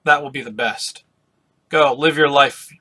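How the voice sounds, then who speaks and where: A man voicing a gruff, older retired navy officer while reading a comic aloud, in a blunt, matter-of-fact way. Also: medium pitch, fairly even intonation, measured pace, sharp tone.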